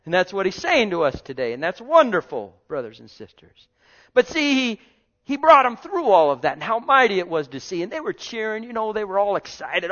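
A man preaching a sermon, swinging between loud exclaiming and quiet asides and calling out to his congregation. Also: high voice, very animated, normal speed, highs cut off. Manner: calls out to the congregation.

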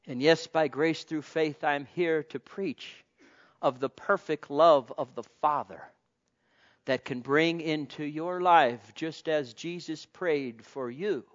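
A man preaching a sermon, calling out to the congregation and swinging between soft pleading and loud, impassioned exclamation. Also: a little high, slow. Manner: calls out to the congregation. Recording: dull lo-fi sound.

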